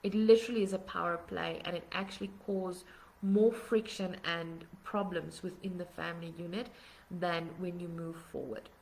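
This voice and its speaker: Woman host of a live parenting workshop, low voice, earnest, walks through points one by one. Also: steady tone, moderate pace, gravelly, a little mellow, poor audio. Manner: earnest, explanatory, steps through numbered points. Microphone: webcam or phone on a live stream.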